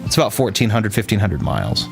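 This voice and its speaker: A man's voice: fairly low pitch, big pitch swings, quick pace, vocal fry, music in the background. A man from Texas, a streamer rambling and thinking aloud in casual chat with his viewers.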